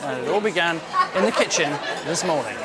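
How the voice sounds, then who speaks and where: Man, reality tv narrator, high voice, wry and upbeat, crowd noise behind. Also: lively intonation, a little fast.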